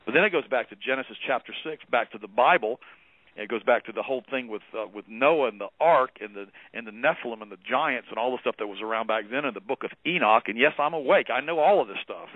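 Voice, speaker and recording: A man talks fast as a guest on a radio call-in show, pressing his points with preachy emphasis. The sound is dry and squeezed into a narrow phone-like band. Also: mid-range voice, lively intonation, no echo. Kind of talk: talk radio interview.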